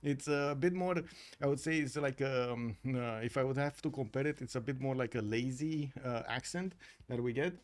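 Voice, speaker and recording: A man from Romania with a Romanian accent, commentating a strategy game tournament live, excitable and full of filler sounds. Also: medium pitch, moderate pace. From Romania, Bucharest. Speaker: tournament caster and streamer.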